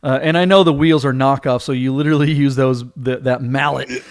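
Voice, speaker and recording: A man's voice: mid-range voice, steady tone, a little fast. A man co-hosting a casual chat, gushing over cars and cracking jokes. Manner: enthusiastic, gushing, joking. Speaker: co-host of a car auction show.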